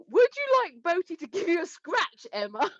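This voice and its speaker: Giggly high-voiced woman. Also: very animated, unhurried, no room sound. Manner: giggly, reads viewer comments aloud. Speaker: livestream co-host. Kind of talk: casual livestream chat. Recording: dull lo-fi livestream audio.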